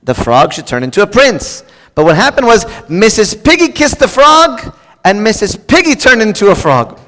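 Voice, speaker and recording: Guy preaching casual and jokey, lots of "like", voice sits high, big echoey church hall. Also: normal speed. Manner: lively, joking, talks straight to the congregation; casual filler "like" and restarts. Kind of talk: conversational sermon. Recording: long reverb of a large hall.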